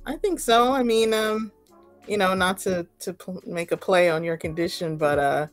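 A woman's voice: lowish voice, normal speed, faint music behind. A woman co-hosting a podcast over a video call, chiming in and agreeing in casual chat. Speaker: podcast co-host.

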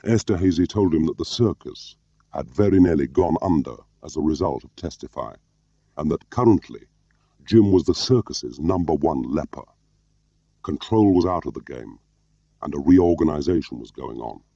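A man reading an audiobook as narrator in a measured, steady way, in a slightly muffled, dry recording. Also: extremely low pitch, vocal fry, no echo. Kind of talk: scripted narration.

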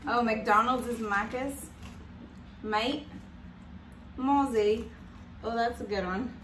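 Brief: cheerful woman host, casual chat, slightly high voice, recorded from a distance in an echoey room. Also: fairly even intonation, moderate pace, sharp tone. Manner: cheerful, giggly, leading the kids. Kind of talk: casual family snack-tasting chat. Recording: echoey room, camera from a distance, faint noise.

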